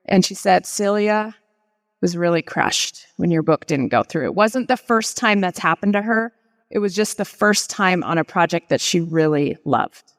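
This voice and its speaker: A woman life coach giving an earnest, encouraging inspirational talk, telling stories to the audience. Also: a little high. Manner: earnest, encouraging, speeds up when urging. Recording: long hall reverb.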